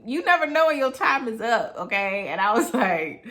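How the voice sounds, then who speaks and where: A woman in her thirties telling a personal story in a chatty, animated vlog style. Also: on the high side, moderate pace, slight background noise. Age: 30s. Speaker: vlogger.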